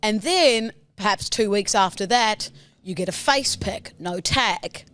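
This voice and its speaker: A woman's voice: mid-range voice, measured pace, fairly bright tone, smooth. A woman co-hosting a podcast, chatting and teasing in casual banter. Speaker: podcast co-host.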